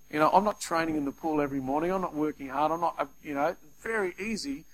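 Animated man preaching. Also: a little high, fast talker, few pauses, poor audio. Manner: animated, acts out little scenes in quoted voices. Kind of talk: sermon.

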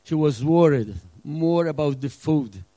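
A middle-aged male pastor preaching a sermon with earnest emphasis, now and then acting out scenes and dropping to a hush. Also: on the high side, a little slow, dry recording, rough recording. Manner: earnest preaching with acted-out asides, drops to a hush.

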